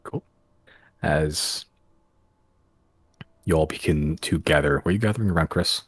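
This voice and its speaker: A man narrating a tabletop game as game master, describing scenes in a halting way with many fillers. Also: extremely low pitch, breathy edge, no echo.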